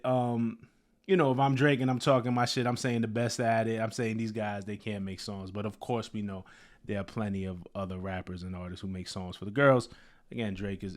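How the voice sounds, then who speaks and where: Man, host, casual music commentary, mid pitch, loose delivery, frequent fillers and restarts.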